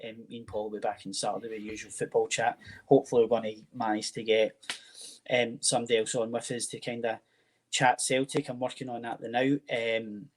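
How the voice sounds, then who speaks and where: A man's voice: mid-range voice, low-quality recording. A Scottish man hosting an interview in a friendly, casual way. He keeps falling back on the same stock phrase. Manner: friendly, often repeats "as I say". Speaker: host.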